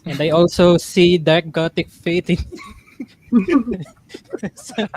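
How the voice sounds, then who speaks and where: A man on a gaming panel greeting viewers from the chat by name in an unhurried way. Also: fairly high pitch, flat delivery, darkish tone, slight background noise.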